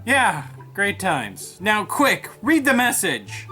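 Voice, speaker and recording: A man playing an impatient, exasperated straight man who talks curtly and deadpan. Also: high voice, faint music behind, full character voice. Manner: curt, deadpan, hurried.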